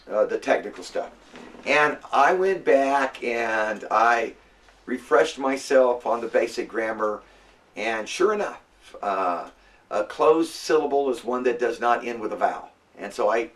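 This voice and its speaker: A man teaching a class in a casual, halting way, with many fillers and restarts. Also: lowish voice, recorded from a distance. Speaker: Bible language teacher. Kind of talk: classroom lecture.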